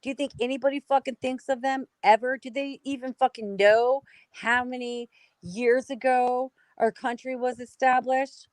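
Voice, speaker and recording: A woman's voice: sits high, steady tone, moderate pace, dry recording, rough recording. Profane, angry American woman ranting. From United States. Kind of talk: heated casual talk.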